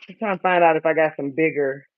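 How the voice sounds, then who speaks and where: A man with a high voice chats casually as he gets his first garden seeds ready. He laughs at himself and trips over words as he reads the seed packets aloud. The sound is tinny like a phone line and very dry. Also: no echo. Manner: chatty, self-mocking, reads labels aloud haltingly. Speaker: vlogger. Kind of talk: casual chat while gardening.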